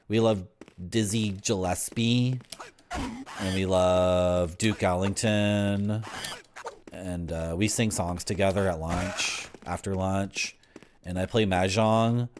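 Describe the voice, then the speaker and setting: Rambling deadpan male game streamer. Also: low-pitched, a little hiss or hum. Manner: rambling, deadpan absurd tangents. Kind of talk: live gameplay commentary.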